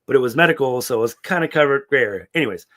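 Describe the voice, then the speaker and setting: A middle-aged man tells a story in casual podcast chat, animated and profane, putting on the voices of everyone in it. His voice sits at an ordinary middle pitch. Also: racing. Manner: animated, profane, acts out quoted dialogue. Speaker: podcast co-host.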